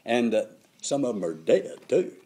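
An older man preaching a sermon, telling stories with emphatic, animated delivery. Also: medium pitch, normal speed.

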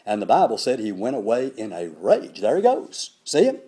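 Animated older preacher man. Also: medium pitch, moderate pace, few pauses. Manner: animated, acts out the characters in the story. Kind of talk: sermon storytelling.

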